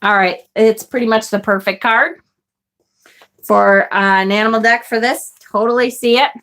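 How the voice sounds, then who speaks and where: A woman's voice: a little high, steady tone, normal speed, fairly bright tone. A woman hosting a live tarot stream, chatting enthusiastically and reading viewer comments aloud. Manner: enthusiastic, chatty, swears casually. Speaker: tarot livestream host. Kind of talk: casual live-stream chat.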